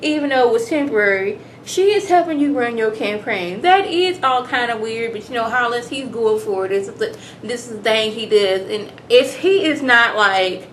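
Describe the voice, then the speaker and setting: A woman casually recapping a TV drama episode in a chatty, slangy, animated way. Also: fairly high pitch, moderate pace, few pauses, echoey room, a little hiss or hum. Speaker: TV episode reviewer.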